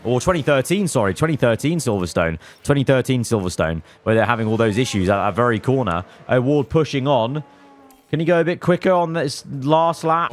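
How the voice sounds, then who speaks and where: A man giving excitable live commentary over a racing management game, swinging from low muttering to loud outbursts. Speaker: gaming YouTuber.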